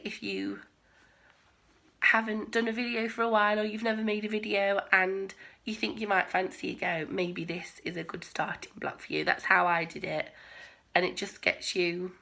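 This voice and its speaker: A woman in her twenties chatting casually to camera with a croaky voice, rambling with lots of ums and whispered asides. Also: mid-range voice, sharp tone. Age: 20s. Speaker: crochet vlogger.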